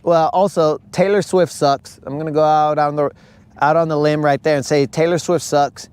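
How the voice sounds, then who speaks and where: A man's voice: on the high side, steady tone, normal speed, a little mellow, clean tone, no echo. A young man hosting a fishing livestream, ranting and joking in a casual way, calling his viewers bro. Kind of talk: casual live-stream rant.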